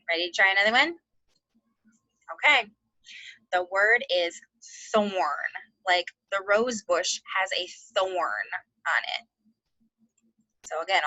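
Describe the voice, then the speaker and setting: A woman teaching an online phonics lesson to second graders, sounding out letters slowly and encouraging the class. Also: fairly low pitch, bright, forceful tone, dry recording, rough recording.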